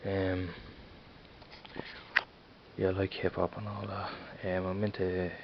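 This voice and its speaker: A young Dublin man talks loosely to the camera, with a deep, flat, gravelly voice. He rambles and repeats words as he goes. The recording is dull and lo-fi, with a faint hiss behind him. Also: slow. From Ireland. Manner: rambling, repeats words, frequent "you know what I mean". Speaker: vlogger. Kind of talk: casual accent-tag vlog.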